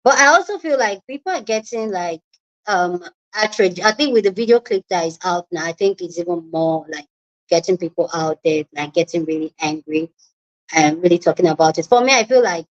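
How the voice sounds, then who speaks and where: A young Nigerian woman with a Nigerian accent hosting a casual live chat, greeting viewers by name and giving her opinions. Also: lowish voice. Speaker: livestream host. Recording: lo-fi livestream audio.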